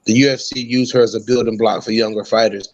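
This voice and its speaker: A man's voice: on the low side, fairly even intonation, fast. An easygoing man co-hosts a casual chat about fights, slangy and given to repeating himself. His voice comes through a dull, lo-fi line. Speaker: co-host.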